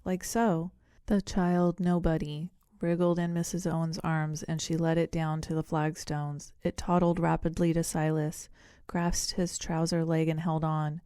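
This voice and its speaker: Female audiobook narrator, measured storytelling, dark mellow tone. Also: low-pitched, level tone, clean tone, no echo, studio quality. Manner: measured storytelling with voiced characters. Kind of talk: scripted narration.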